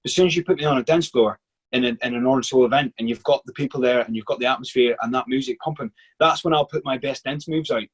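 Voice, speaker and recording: A male interviewer with a husky voice at an ordinary pitch for a man. He talks in a friendly, encouraging way and often restarts his sentences. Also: fast talker. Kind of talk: casual interview talk.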